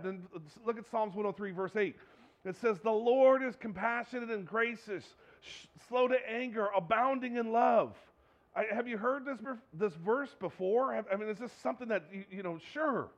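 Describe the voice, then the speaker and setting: A man preaching a sermon in an earnest, animated way, often restarting his sentences. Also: sits high, normal speed, dull audio. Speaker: pastor.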